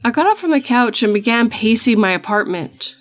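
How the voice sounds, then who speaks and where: A woman reading a first-person horror story aloud in a measured storytelling manner. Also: a little high, expressive, faint music behind.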